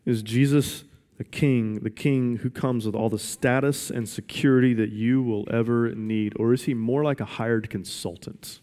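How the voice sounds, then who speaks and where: A male pastor delivering a sermon in an emphatic style, returning to the same question again and again to drive it home. His voice sits at an ordinary middle pitch for a man. A long reverb trails his words, as in a large church sanctuary. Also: steady tone, moderate pace, warm tone. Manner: emphatic, repeats questions for weight.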